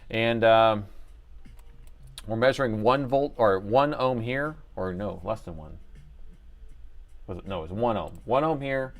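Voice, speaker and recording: Male repair streamer, lower register, relaxed commentary that drifts between mumbling and addressing viewers. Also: measured pace, long pauses. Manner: muttering to himself, then chatty to viewers. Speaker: livestream repair host. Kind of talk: casual live commentary while repairing.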